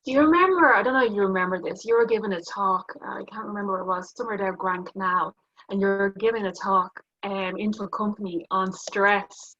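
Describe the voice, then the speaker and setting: A woman's voice: mid-range voice, brisk, sharp tone. Chatty woman interviewer, lo-fi. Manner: friendly, chatty, prompting questions. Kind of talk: casual chat. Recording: dull lo-fi sound.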